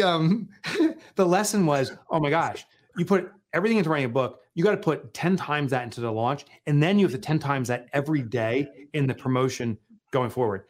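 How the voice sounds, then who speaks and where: A man in a casual conversation who tells stories with a lively, swinging voice. He speaks a little higher than most men, laughs easily and acts out little scenes as he goes. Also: normal speed. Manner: animated storyteller, laughs often, acts out quotes. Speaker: author and guest.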